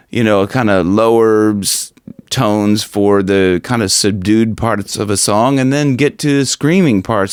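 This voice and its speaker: A man's voice: lowish voice, clean tone, no room sound, studio quality. A man giving a casual singing lesson, rambling with restarts and now and then demonstrating screamed lines. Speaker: vocal coach.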